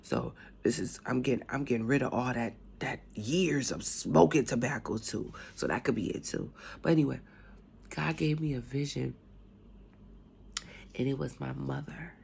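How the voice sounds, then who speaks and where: A woman with a cold telling her faith testimony in a casual, animated way, moving between loud outbursts and hushed whispers. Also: a bass voice, moderate pace, creaky, slight background noise. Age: adult with a young son. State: has a cold, coughing. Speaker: speaker sharing her testimony.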